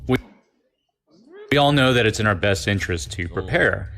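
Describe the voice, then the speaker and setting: A man reading a scripted video narration in a grave, measured way. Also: lowish voice, animated, gravelly, fairly bright tone. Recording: music under the voice.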